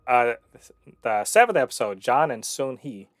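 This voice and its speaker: A man co-hosting a review podcast in casual chat, animated and profane, with lots of fillers and restarts. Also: medium pitch, moderate pace, no echo. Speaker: podcast co-host reviewing shows.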